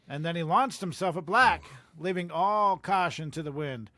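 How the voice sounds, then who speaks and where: A man co-hosting a casual podcast, recapping a book chapter in a brisk, matter-of-fact way. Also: a little high, pushed and bright, dry recording, studio quality. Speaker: podcast co-host. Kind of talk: casual chat and reading aloud.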